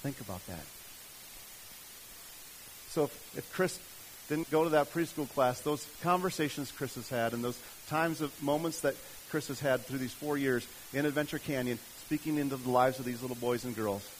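A man's voice: medium pitch, normal speed, a little hiss or hum, rough recording. A man preaching a sermon in a conversational, emphatic way, speaking directly to his listeners. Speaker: pastor.

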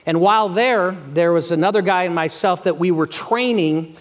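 A middle-aged man preaching a sermon as pastor, energetic and animated, dropping to hushed passages at times. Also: sits high, normal speed.

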